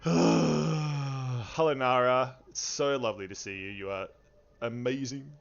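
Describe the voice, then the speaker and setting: A man's voice: mid-range voice, a little fast, clean tone. A man hosting a livestreamed tabletop game as game master, playful and rambling as he welcomes players and chat. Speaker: game master and stream host. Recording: dull lo-fi stream audio.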